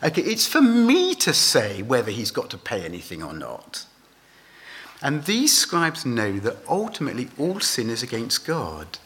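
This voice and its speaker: A man's voice: mid-range voice, wildly swooping pitch, measured pace, a bit bright. A man preaching a sermon, asking his listeners rhetorical questions.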